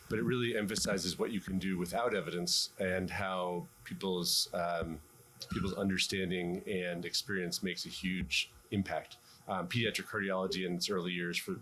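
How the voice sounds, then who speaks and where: A man, a cardiologist, giving measured interview answers with many pauses and restarts. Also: sits low, fairly bright tone, slight background noise. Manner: measured, frequent ums and restarts.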